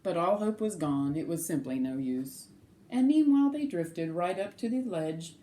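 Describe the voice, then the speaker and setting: Sing-song woman reading a picture book. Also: on the low side. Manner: sing-song, animated, pauses to ask children questions. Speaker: storyteller reading to children.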